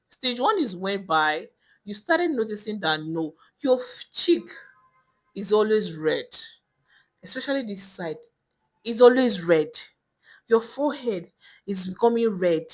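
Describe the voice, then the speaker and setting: A young woman skincare vlogger speaking straight to camera, emphatic and lecturing, repeating her points with frequent restarts. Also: medium pitch. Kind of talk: direct-to-camera skincare advice.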